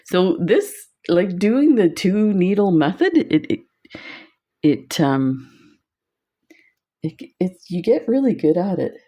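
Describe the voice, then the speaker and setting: Slow, low-voiced older woman crafter. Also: sing-song, dark tone, muffled recording. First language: French. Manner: chatty, digressive, laughs often. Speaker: craft instructor. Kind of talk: casual crafting tutorial chat.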